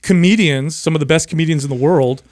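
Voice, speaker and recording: Animated higher-voiced man telling stories. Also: fast talker, dry recording, studio quality. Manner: animated storyteller, laughs often. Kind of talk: casual podcast chat.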